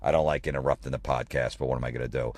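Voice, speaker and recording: A low-voiced man rants through a comedy podcast, swearing freely and sounding exasperated. He mocks the people he complains about with quick impressions. The sound is dry and close to the mic. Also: steady tone, darkish tone, dry recording. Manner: profane, exasperated ranting with mocking impressions. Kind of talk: ranting comedy podcast monologue.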